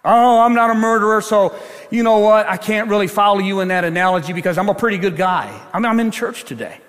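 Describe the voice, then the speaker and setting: A man's voice: high-pitched, fast, a bit bright. A man voicing a self-satisfied churchgoer who hesitantly insists he is a good guy. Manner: boastful, hesitant. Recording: long church hall reverb.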